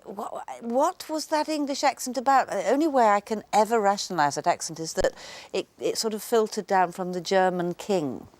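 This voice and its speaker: A woman's voice: mid-range voice, moderate pace, a little mellow, dry recording. A woman being interviewed, musing wryly and with opinion about how people used to speak.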